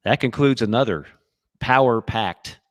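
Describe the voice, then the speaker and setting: A man's voice: mid-range voice, unhurried, dry recording. A man co-hosting a casual sports podcast, telling movie stories with dry wisecracks. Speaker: podcast co-host.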